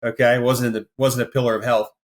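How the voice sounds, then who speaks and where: Animated male storytelling guest. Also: medium pitch, fast. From American Midwest. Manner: animated storyteller who acts out quoted voices. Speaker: podcast guest. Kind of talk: storytelling in an interview.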